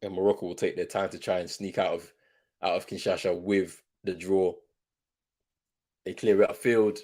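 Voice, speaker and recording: A man's voice: sits low, steady tone, slow pace, long pauses, darkish tone. A man hosting a live football watchalong stream, chatting casually, calling the match and answering viewers' comments.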